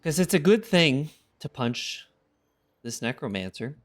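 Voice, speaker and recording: A man's voice: fairly high pitch, big pitch swings, a little slow. A tired man giving casual, laid-back gameplay commentary, thinking aloud with a wry tone. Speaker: gaming content creator.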